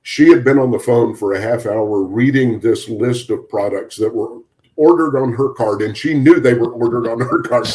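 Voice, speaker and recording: A man, a sheriff's deputy, telling a story on a podcast in a relaxed, amused way, chuckling and acting out the dialogue. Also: medium pitch, moderate pace. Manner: amused, chuckles through his story, quotes people in dialogue.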